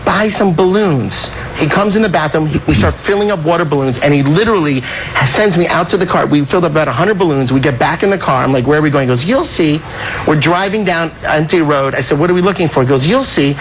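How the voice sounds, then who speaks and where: A man guest tells a story in a quick, high voice, laughing along as he goes. His delivery runs excited and rushed. A clear layer of noise sits under the recording. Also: low-quality recording. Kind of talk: animated storytelling. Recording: background noise.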